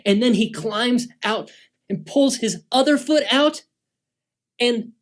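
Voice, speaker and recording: Give me a woman slowly telling a Bible story for kids, dramatic and expressive. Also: fairly high pitch. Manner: dramatic, swinging between loud and hushed. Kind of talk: animated storytelling for children. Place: church.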